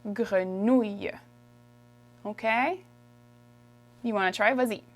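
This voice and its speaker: A woman from Quebec teaching French, who says each word slowly and repeats it for the learner. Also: fairly high pitch, expressive. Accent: Québécois French. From Quebec, Canada. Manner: patient, drills words slowly and repeats them. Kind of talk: video language lesson.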